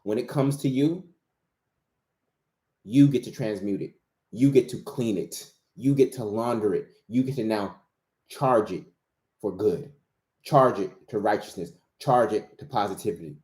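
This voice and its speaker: A man's voice: on the low side, unhurried, a little mellow. A man giving a motivational spiritual talk in a preacher-like way, repeating key phrases for emphasis. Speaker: author and motivational speaker. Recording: roomy echo.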